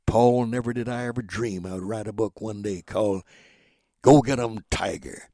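A man in his seventies from Oklahoma, telling stories as an interview guest in an animated, rambling, dramatic way. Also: lowish voice, normal speed, dry recording. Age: 70s. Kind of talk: storytelling interview.

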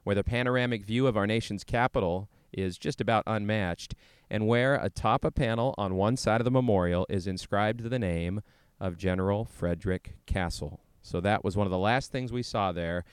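A man with a lowish, smooth and resonant voice reads host narration in a measured, earnest delivery. The sound is dry and close. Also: dry recording. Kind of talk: scripted narration.

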